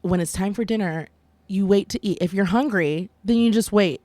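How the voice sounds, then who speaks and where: A woman co-hosting a podcast in casual chat, expressive and quick to laugh. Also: mid-range voice, dry recording. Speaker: podcast co-host.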